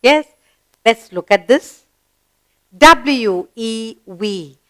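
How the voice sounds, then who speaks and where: A woman's voice: a little high, lively intonation, extremely slow, pushed and bright, no echo. A woman teaching a grammar lesson to young children, spelling letters out and asking encouraging questions.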